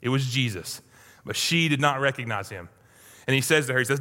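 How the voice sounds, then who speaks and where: Bright-voiced man preaching in a reverberant hall. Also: mid-range voice, fairly quick. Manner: earnest, pleading, swings from soft to urgent. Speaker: pastor. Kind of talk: sermon.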